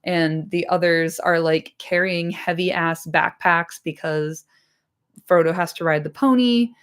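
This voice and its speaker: A woman streamer chatting casually to her live audience after a reading, enthusiastic and swearing freely, her voice slightly hoarse. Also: on the low side, measured pace. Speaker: streamer reading a book aloud.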